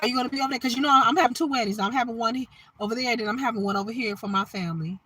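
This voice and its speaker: A woman's voice: a little high, rapid-fire, sharp tone, breathy edge, rough recording. A woman chatting casually on a livestream, talking animatedly with her viewers. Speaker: livestream host.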